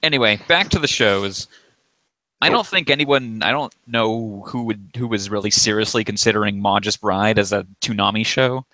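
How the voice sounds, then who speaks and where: A young man hosts a podcast in loose, jokey chat. He laughs easily and trails off mid-thought, and his low voice has a bright, forceful edge. The sound is dry and close to the mic. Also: moderate pace, dry recording, poor audio. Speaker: podcast host. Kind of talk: casual chat.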